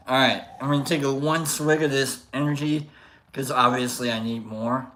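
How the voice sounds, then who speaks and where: A man's voice: mid-range voice, brisk, a bit bright, slight background noise, rough recording. A man hosting a live show, chatting casually and joking with his chat, rambling with frequent laughs. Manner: jokey, rambling, laughs a lot.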